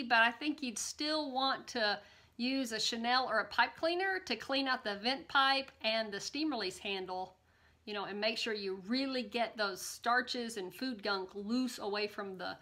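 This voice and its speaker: A woman's voice: fairly high pitch, a little slow, pushed and bright. A woman vlogger, reading viewer comments aloud in a bubbly, gushing way and chatting casually to camera. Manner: bubbly and gushing, gasps and coos.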